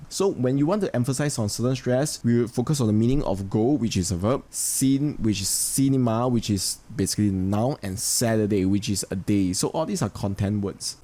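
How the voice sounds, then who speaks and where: A male English teacher with a Singaporean English accent, explaining a lesson step by step and saying example sentences slowly with stress. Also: on the low side, mellow. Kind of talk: instructional lesson.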